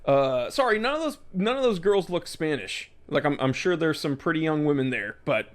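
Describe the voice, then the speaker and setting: A man in a played clip, ranting loudly with crude jokes. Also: on the high side, expressive, moderate pace. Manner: loud, yelling bits, crude joking. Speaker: video commentator. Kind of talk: ranting monologue.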